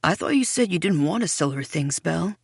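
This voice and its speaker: A woman's voice: on the low side, expressive, fairly quick, creaky, husky, no room sound, studio quality, heavily acted. Woman voicing an uneasy murmuring man. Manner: murmuring, trailing off.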